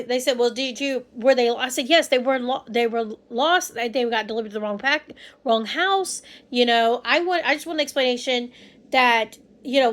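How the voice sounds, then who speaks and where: A young woman, rambling through a casual story as a vlogger and restarting her sentences often. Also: on the high side. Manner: rambling, restarts, quotes people with mock voices.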